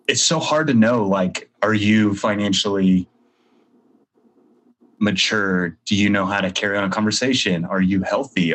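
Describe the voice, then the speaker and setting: Low-voiced candid man podcast host. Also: fairly bright tone, low-quality recording. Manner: candid, self-deprecating, rambling. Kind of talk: casual chat.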